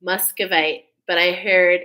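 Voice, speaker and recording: Woman oracle reader, slow and bright, effusive, live-stream card reading with an American accent. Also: fairly low pitch, poor audio. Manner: effusive, exclaiming, laughing often.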